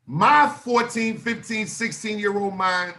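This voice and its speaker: A man from Northern Illinois, a guest on a podcast, telling stories in animated casual talk with bursts of loud laughter. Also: high voice, a little slow. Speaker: guest rapper.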